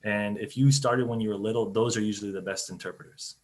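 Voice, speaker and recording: A man's voice: fairly low pitch, fairly even intonation, quick pace, darkish tone. Chatty man on a webinar call. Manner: chatty, loose, many fillers and restarts. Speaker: company CEO on a webinar panel. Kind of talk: casual webinar talk.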